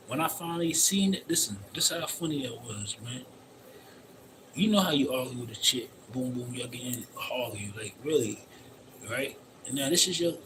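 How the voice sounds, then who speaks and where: A man with a fairly high-pitched voice rambles through a long personal story on a live stream, blunt and profane, and keeps tagging lines with "you know what I mean." He is outdoors in the cold, and the audio carries clear background noise. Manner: blunt, profane street talk. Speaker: livestreamer. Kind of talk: casual livestream monologue.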